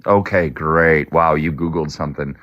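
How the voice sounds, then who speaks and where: A man's voice: a bass voice, steady tone, normal speed, a crowd in the background. A man calling into a livestream debate, angry, sarcastic and profane. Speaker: caller. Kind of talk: heated political call-in debate. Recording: dull lo-fi call audio.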